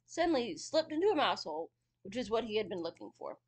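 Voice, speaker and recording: A woman's voice: a little high, sing-song, fast. A woman casually reading a fairy tale aloud, with chatty asides. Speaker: storyteller.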